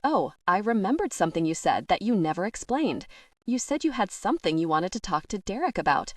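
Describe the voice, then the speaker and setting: A woman's voice: medium pitch, very animated, brisk, dry recording, recorded from a distance. Woman doing a teasing southern teen guy, keeps pushing, dry sound a bit off mic. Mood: earnest. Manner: teasing and persistent.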